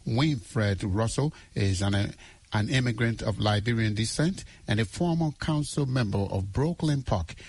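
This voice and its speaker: A male reporter reads his news script crisply in a dry, close booth. His voice is husky. He keeps an even, scripted delivery. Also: lowish voice, unhurried, no room sound. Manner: crisp read narration.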